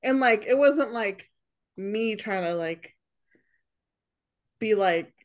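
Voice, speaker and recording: A woman's voice: medium pitch, lively intonation, slow pace. A young woman in casual chat who rambles and fills her talk with "like". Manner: rambling, heavy use of "like".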